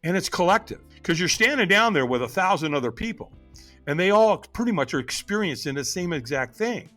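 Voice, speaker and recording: A man's voice: sits high, expressive, fairly quick, pushed and bright, faint music behind. A middle-aged man, a podcast guest, telling a personal story dramatically and acting out the voices of the people in it. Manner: dramatic storyteller who acts out quoted voices.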